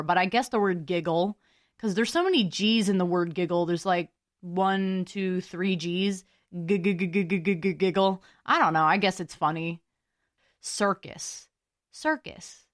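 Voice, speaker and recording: A woman's voice: fairly low pitch, no echo, clean studio sound. A young woman hosting a solo podcast, musing aloud in a chatty, giggly way. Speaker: podcast host.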